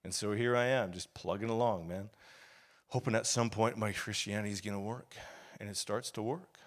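A man preaching a sermon as pastor, telling his story casually and confessionally, then building up to loud, fervent preaching. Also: fairly low pitch, fairly even intonation, normal speed. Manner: storytelling, grows loud and fervent, acts out quoted shouts; casual and confessional, with laughs and sighs.

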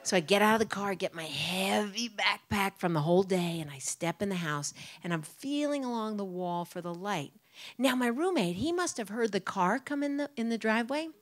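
A woman doing stand-up storytelling on stage, animated, jumping into a loud high voice when she acts out what people said. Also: normal speed. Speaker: storyteller comedian.

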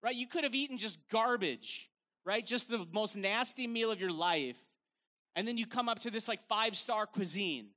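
A man's voice: high voice, normal speed, sharp tone. A man preaching a sermon with energy, repeating phrases for emphasis in a conversational style. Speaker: evangelist preacher.

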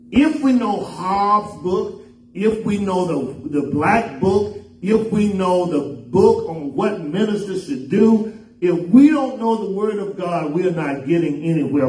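A man preaching a sermon as pastor, swinging up and down in pitch and half-singing some phrases. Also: lively intonation, slow, a little mellow. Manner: preaching with sudden rises and drops in pitch, half-sung phrases. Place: church sanctuary. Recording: echoey church room, voice from far off the mic.

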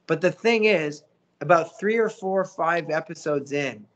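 Animated man telling voice-acting stories. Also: on the high side, moderate pace, lo-fi sound. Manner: animated, acts out quotes, coaching. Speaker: voice actor guest. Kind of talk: casual interview storytelling.

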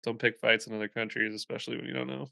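A man's voice: mid-range voice, little pitch movement, very fast, gravelly, sharp tone, no echo. A man hosting a podcast, chiming in with brief reactions and agreement. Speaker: podcast host. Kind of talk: casual chat.

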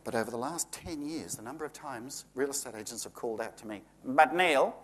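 A man's voice: medium pitch, fast, breathy edge. An Australian man giving a live seminar to an audience, combative and sarcastic, firing off rhetorical questions. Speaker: seminar presenter.

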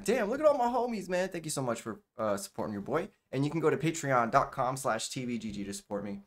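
A man's voice: mid-range voice, sing-song, fast, hardly any pauses. A man hosting casual gameplay commentary, loose and chatty, slangy, and he swears freely. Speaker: gaming channel host.

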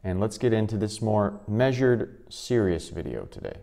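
Deep-voiced blunt man commenting. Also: sing-song, normal speed, vocal fry, warm tone. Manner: blunt and scornful. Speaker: commentary vlogger. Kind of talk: casual reaction commentary.

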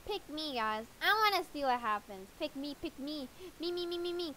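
Woman gamer, jokey, excitable, high-pitched, crisp bright tone. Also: moderate pace, few pauses, a little hiss or hum, rough recording. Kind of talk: casual gameplay commentary.

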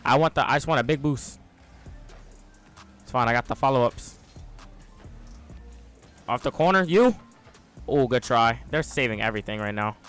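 Excitable man calling his own gameplay. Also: mid-range voice, brisk, pauses often, smooth, faint music behind. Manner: excitable play-by-play, sudden loud yells. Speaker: gaming YouTuber. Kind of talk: live gameplay commentary.

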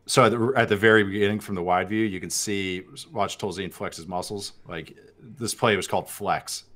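A man, a former quarterback, casually explaining his team's old play calls in a relaxed way. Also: on the low side, moderate pace. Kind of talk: casual film breakdown chat.

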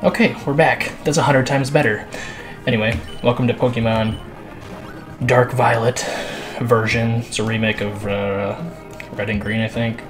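A man's voice: medium pitch, steady tone, normal speed. Man, gaming commentary, crude and sweary, heavy sighs, a bit winded, game music playing behind. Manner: profane, crass, sighing often. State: out of breath. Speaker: gaming channel host. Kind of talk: let's play commentary.

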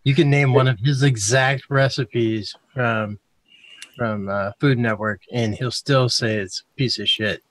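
A man's voice: mid-range voice, fairly even intonation, unhurried, fairly bright tone, no room sound. A man hosting a casual group chat about vaping, laid-back and joking, with some swearing. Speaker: vaping show host.

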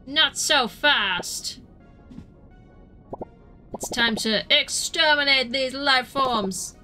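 A woman voicing a menacing alien invader in a video game, speaking slowly and commandingly over game music. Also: high-pitched, sharp tone, heavily acted.

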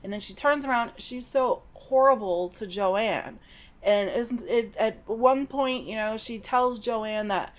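A woman's voice: mid-range voice, steady tone, takes it slowly. A middle-aged woman hosting a podcast, giving a chatty, digressive recap of a novel with personal asides. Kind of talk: casual book recap.

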